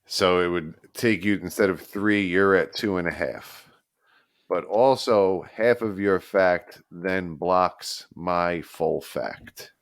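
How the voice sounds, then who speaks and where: A man co-hosting a casual podcast game, working through rules and facts deliberately. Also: low voice, dry recording, studio quality. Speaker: podcast co-host.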